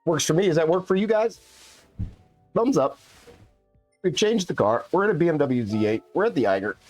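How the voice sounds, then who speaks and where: Male streamer, animated pitch, playful live chat over faint game music. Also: normal speed. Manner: playful, chatty, jokes with viewers and pets. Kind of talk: casual live-stream chat while gaming.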